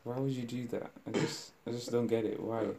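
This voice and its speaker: A man's voice: mid-range voice, flat delivery, fairly quick, vocal fry, dark tone. A man co-hosting a casual podcast, telling rambling stories with frequent laughter and swearing. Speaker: podcast co-host. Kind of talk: casual banter.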